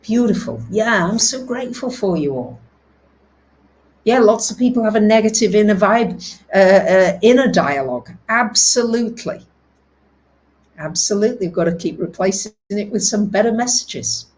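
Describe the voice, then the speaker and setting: A woman hosting a live astrology talk, speaking, reading out viewers' comments and dropping soft and low for calm affirmations. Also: moderate pace, low-quality recording. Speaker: astrology host.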